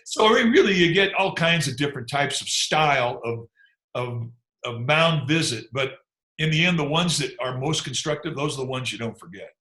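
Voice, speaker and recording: Bright-voiced man telling old pitching stories. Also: expressive, normal speed. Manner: laid-back, chuckling, trails off into asides. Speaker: former big league pitcher telling stories. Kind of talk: relaxed anecdotal storytelling. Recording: echoey room.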